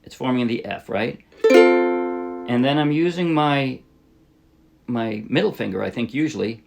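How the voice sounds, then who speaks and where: A man talks through a ukulele lesson in a casual, unhurried way, often stopping to correct himself. His voice has a gravelly edge at a middle pitch. His own ukulele plays loudly under his words. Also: loud music behind the voice. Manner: relaxed, thinking aloud, with self-corrections. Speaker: ukulele teacher. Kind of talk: casual instructional talk. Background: ukulele playing.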